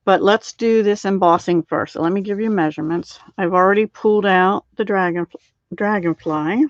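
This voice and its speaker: A middle-aged woman demonstrating card making on a casual live stream, chatting with viewers by name and filling pauses with ums and little laughs. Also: mid-range voice, no echo. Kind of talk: casual live craft tutorial. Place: home craft room. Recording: dull lo-fi live stream audio.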